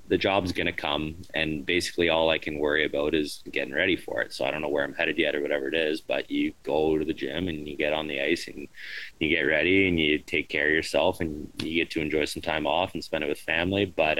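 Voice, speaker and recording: A man in his thirties, a veteran hockey player, answering interview questions in a relaxed, rambling way, often tagging on "right?". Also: rumbling low, no echo, poor audio. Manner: laid-back, rambling, frequent "right?" and "you know". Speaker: professional hockey player, guest.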